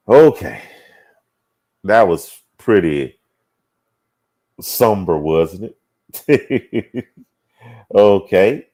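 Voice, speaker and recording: A man's voice: deep voice, animated, very slow, long pauses, a little mellow. A man hosting a casual talk show, reading viewer comments aloud and musing on them with hums and sighs. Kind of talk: casual livestream chat.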